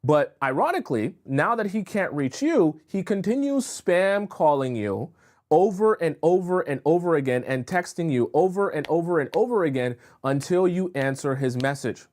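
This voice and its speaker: A man with a slightly high, darkish voice and lively intonation speaks at a moderate pace, coaching women about dating during a casual live stream. He's frank and chatty, reading viewer comments aloud to answer them, often repeating phrases and saying "uh" and "right?".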